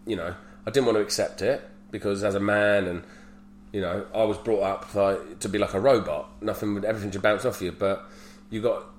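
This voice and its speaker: Man, 30s, low voice, frank podcast storyteller, echoey room. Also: fairly even intonation, a little fast. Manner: candid storyteller, swears freely. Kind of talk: casual chat. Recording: roomy echo with faint hum.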